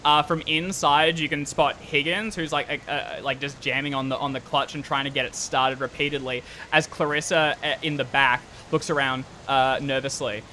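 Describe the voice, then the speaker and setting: Bright-voiced man narrating a game. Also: mid-range voice, fairly even intonation, normal speed, a little hiss or hum. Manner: loose, rambling narration with fillers. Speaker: game master. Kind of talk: narrating a tabletop horror game.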